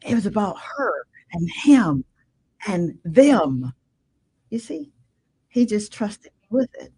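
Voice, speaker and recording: A woman's voice: mid-range voice, sing-song, slow, dark tone, husky, rough recording. An older woman guest telling a personal story of faith in an emphatic, preacher-like way. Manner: emphatic, preacherly, calls listener "man". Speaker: guest, radio show host. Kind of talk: emotional personal testimony.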